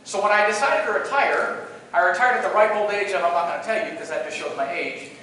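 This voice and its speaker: A middle-aged man with a high voice tells stories from a conference stage, playful and animated, trading jokes with the crowd. The sound is far off and booming, with a long hall reverb and faint background noise. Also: quick pace. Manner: animated, playful, joking with the audience. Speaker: keynote speaker. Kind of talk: storytelling conference presentation. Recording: echoey hall, picked up from afar.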